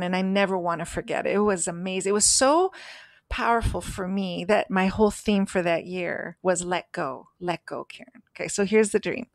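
A woman's voice: mid-range voice, no room sound. A woman co-hosting a podcast, telling a personal story in an earnest, emphatic way. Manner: earnest, emphatic, acts out voices in stories. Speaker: podcast co-host.

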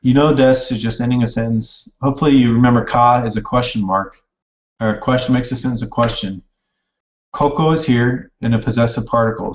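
A man teaches in an easy, casual way, stopping now and then to correct himself. His voice sits at a middling pitch. He sounds a little distant from the mic in a roomy, echoing space, with keyboard typing behind him. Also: a little fast. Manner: casual, self-correcting, types while explaining. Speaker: online language teacher. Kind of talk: informal recorded lecture. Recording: echoey room, mic at a distance.

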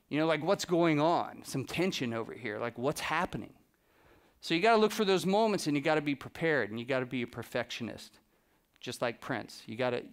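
A man giving a live, animated storytelling talk to an audience as a photographer, acting out the people he quotes by dropping his voice. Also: fairly high pitch, smooth. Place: presentation room with a live audience.

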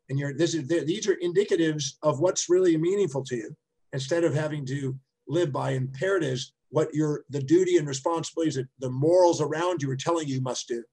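A man's voice: a little high, mellow, husky, low-quality recording. A middle-aged man giving an emphatic, conversational talk, telling anecdotes with frequent restarts. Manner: emphatic, repetitive restarts, storytelling. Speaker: speaker and teacher.

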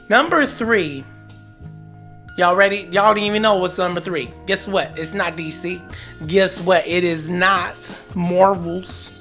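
A man reviewing comic books in a casual vlog, excitable and rambling, teasing his viewers with jokey asides. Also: sits high, normal speed, vocal fry, faint music behind.

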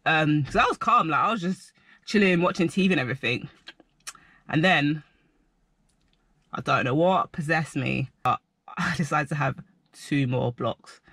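Young guy, casual vlog story, bright forceful tone, dry close sound. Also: on the high side, moderate pace, pauses often, husky, no echo. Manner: rambling, animated, heavy filler words. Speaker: vlogger.

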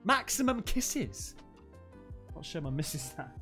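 A man opening fan mail on his channel, chatting in an excitable, exclamatory way and calling everyone mate. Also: high voice, moderate pace, soft background music. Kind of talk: casual unboxing chat.

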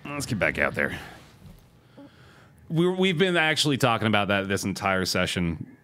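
A man's voice: fairly low pitch, big pitch swings, normal speed, pushed and bright. A man streaming a video game from home, laid-back and cursing as he reacts aloud. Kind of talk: casual live-stream gaming commentary.

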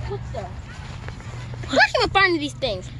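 A woman's voice: very high voice, huge pitch swings, a little slow, a bit bright, a little hiss or hum. A woman improvising a game role-play, bossy and teasing with casual slang. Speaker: player.

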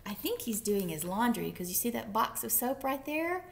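A woman librarian reading picture books aloud for story time, playful and animated with whispered asides. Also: a little high, moderate pace, creaky, slight background noise. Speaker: children's librarian.

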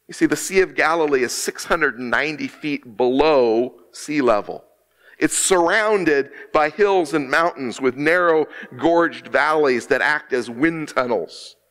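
An associate minister delivers a sermon inside a church sanctuary, his voice on the high side. His preaching is slow and forceful, punctuated by dramatic pauses and soft, hushed dips.

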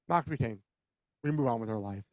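A man co-hosting a casual podcast, ranting excitedly with lots of laughter and swearing. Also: medium pitch, no room sound. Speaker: podcast co-host. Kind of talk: casual wrestling chat.

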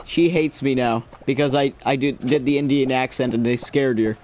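A man's voice: mid-range voice, fairly even intonation, normal speed, a little mellow, slight background noise. A young man rambling and joking through casual gameplay commentary as a gaming video creator.

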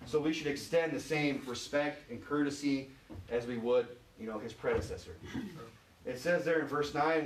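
A man's voice: mid-range voice, normal speed. Michigan guy preaching a chatty sermon, lots of you knows, mic far off in an echoey church. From Michigan, USA. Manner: conversational, many "you know"s, asks the congregation questions. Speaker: pastor. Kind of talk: informal sermon. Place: church sanctuary.

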